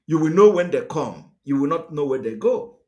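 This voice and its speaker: A man's voice: fairly high pitch, very animated, moderate pace, dark tone. A man with a Nigerian accent gives a fiery, repetitive, emphatic political monologue as a livestream host.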